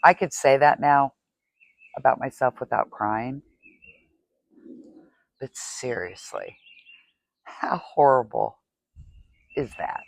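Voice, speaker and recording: A woman's voice: very deep voice, lively intonation, slow, gravelly, long pauses, dry recording. A woman hosting a podcast, speaking candidly in a confessional monologue, often asking "right?". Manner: candid, tearful, asks rhetorical "right?". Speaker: podcast host.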